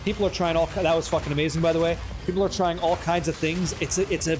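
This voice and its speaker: A man's voice: a little high, fairly even intonation, fast talker, few pauses, music in the background. A man streaming a game, chatting casually with his viewers, joking and swearing freely as he reads the chat. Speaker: livestream gamer.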